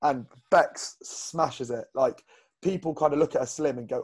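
A man's voice: mid-range voice, normal speed, husky. A man co-hosting a casual fitness podcast as a coach, blunt and rambling with lots of fillers.

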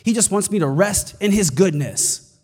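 High-voiced pastor preaching in a hall. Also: male voice, animated, normal speed. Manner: emphatic preaching, building to shouts. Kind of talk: sermon.

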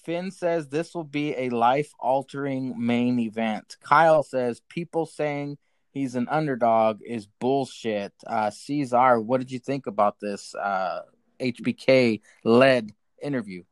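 A man's voice: mid-range voice, smooth, no room sound. A man hosting a casual wrestling podcast, recapping segments and handing off to co-hosts. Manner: brisk, moves the rundown along. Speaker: podcast host running the segments. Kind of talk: casual chat, recapping a show.

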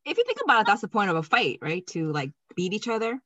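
Young woman podcast host, crisp bright tone, dry close mic, teasing and jokey. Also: mid-range voice, big pitch swings, fast, no room sound, muffled recording. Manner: playful, laughs often. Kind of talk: casual chat.

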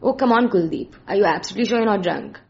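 A woman's voice: medium pitch, lively intonation, fast talker, creaky, darkish tone, lo-fi sound. A woman voicing a sceptical female coworker who talks in a dismissive, teasing way.

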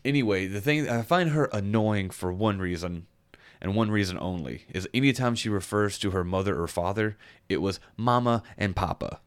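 A man with a very deep voice talks through a game in casual podcast chat. He rambles, restarts his sentences and hunts for the right words as he goes. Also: normal speed, hardly any pauses, smooth. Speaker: podcast co-host reviewing a game.

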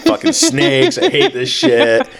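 A man's voice: mid-range voice, moderate pace, lightly acted. A man as a cursing, fed-up old saint. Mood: exasperated. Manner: cursing, exasperated. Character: fed-up ancient male saint flinging snakes.

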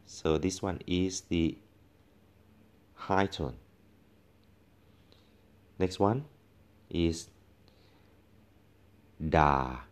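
A man's voice: low-pitched, darkish tone. A man teaching a language lesson, patiently demonstrating tones by repeating each syllable several times. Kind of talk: tone pronunciation lesson.

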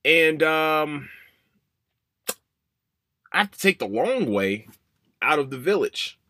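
A man's voice: on the high side, sing-song, slow, bright, forceful tone, dry recording. Rambling man telling a story, dry mic. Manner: rambling, curses and apologizes, voices his own past thoughts. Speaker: podcast host. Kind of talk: casual storytelling.

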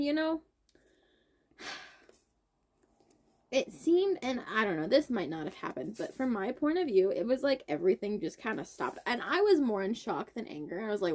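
A young woman co-hosting a casual chat podcast, telling a story in an animated way and acting out what others said. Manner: animated storytelling, quotes others with big pitch swings. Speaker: podcast co-host.

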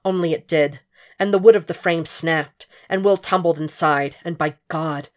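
A woman narrating a fan fiction story in a steady, intense audiobook reading. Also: low-pitched, moderate pace.

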